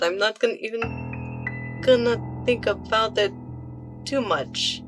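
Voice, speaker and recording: A woman playing a tabletop game, talking in an animated, hesitant, rambling way. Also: a little high, takes it slowly, pauses often, over music. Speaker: player. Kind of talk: casual tabletop play.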